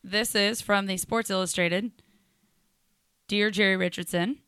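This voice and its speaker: A woman co-hosting a casual podcast, talking frankly and reading a long letter aloud at a quick steady clip. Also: medium pitch, clear, resonant tone, dry recording, clean studio sound. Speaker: podcast co-host.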